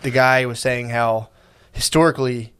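A man's voice: mid-range voice, steady tone, normal speed, fairly bright tone, a little hiss or hum. A man co-hosting in casual chat, rambling with profanity and acting out quotes in voices. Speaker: podcast co-host.

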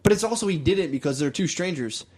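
A man's voice: high voice, lively intonation, fast talker, darkish tone, husky. Laid-back, swearing man swapping anecdotes. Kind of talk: casual comedic chat.

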